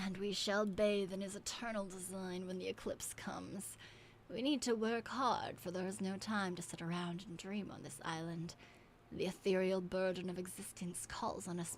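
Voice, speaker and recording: A woman reading a fervent island cultist's lines aloud from a game, in a hushed, solemn, slow voice. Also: medium pitch, fairly even intonation, a little hiss or hum, lightly acted.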